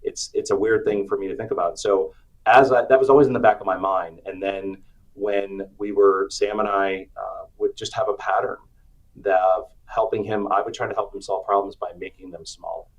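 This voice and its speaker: A middle-aged man, an author being interviewed, telling personal stories with animated acted-out quotes. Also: lowish voice, brisk, poor audio. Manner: animated storyteller, acts out quotes. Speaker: author and guest. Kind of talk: storytelling interview chat.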